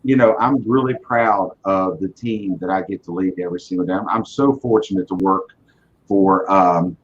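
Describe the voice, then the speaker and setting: A man's voice: low voice, moderate pace, slight background noise. Earnest male business guest, repeats himself, muffled lo-fi audio. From Virginia, US. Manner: earnest, repeats words when starting thoughts. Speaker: car dealership leader, guest. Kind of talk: casual interview talk. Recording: dull lo-fi audio.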